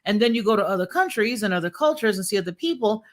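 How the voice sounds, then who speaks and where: A woman's voice: medium pitch, animated, quick pace. Emphatic American woman on a panel. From United States. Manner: earnest, emphatic, laughs while telling stories. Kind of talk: casual panel discussion.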